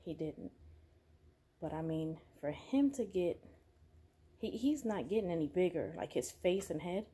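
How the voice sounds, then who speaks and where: A woman whispering softly at home at night while she films her pet snake and coos to it. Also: fairly low pitch, animated, a little slow, pauses often, breathy edge. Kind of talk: hushed late-night pet vlog. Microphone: camera mic.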